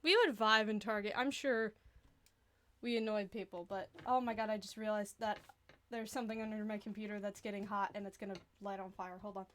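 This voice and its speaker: A woman's voice: mid-range voice, fairly even intonation, fairly quick, a bit bright. A young woman hosting a podcast livestream, chatting casually and laughing often. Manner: giggly and bubbly, laughs often. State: out of breath after squats. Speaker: podcast host and streamer.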